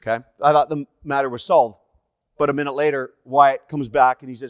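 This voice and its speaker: A Canadian evangelist telling personal stories in a sermon, animated and acting out the voices of the people in them. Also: male voice, mid-range voice, fairly quick, clean tone, dry recording, clean studio sound. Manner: animated, acts out dialogue in the stories. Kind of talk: sermon storytelling.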